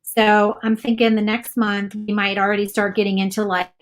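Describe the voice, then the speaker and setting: A woman's voice: medium pitch, flat delivery, normal speed. Chatty woman painting live. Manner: chatty, reads viewer comments aloud while painting. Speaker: craft video host. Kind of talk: casual live craft demo.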